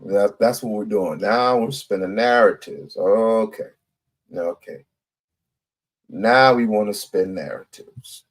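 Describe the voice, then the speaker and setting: A man's voice: fairly low pitch, takes it slowly, poor audio. A man giving a heated commentary rant, blunt and profane, repeating himself for emphasis.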